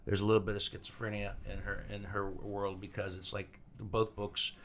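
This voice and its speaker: A man's voice: on the low side, flat delivery, moderate pace, a little hiss or hum. A man in his sixties hosting a podcast, chatting casually and telling rambling, self-deprecating stories. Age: 60s. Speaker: podcast host. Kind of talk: casual chat.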